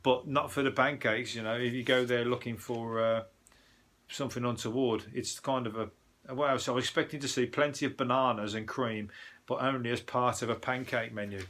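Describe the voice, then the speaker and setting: Man, Birmingham accent, bright forceful tone, rambling sweary news chat, comedian host. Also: medium pitch, fairly even intonation, fairly quick. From England. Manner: rambling, sweary, joking asides with frequent fillers. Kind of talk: casual news review chat.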